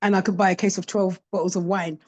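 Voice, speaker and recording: A middle-aged woman, a podcast guest, telling candid personal stories in an animated way and acting out what her children said. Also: medium pitch, quick pace. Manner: animated, acts out quoted voices of her children. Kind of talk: candid conversational storytelling.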